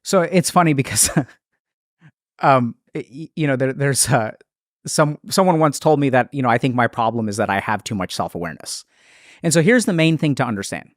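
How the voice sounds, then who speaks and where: A man's voice: medium pitch, animated, dry recording, studio quality. Explanatory man in a podcast interview. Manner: explanatory, thoughtful, quick restarts. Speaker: psychiatrist.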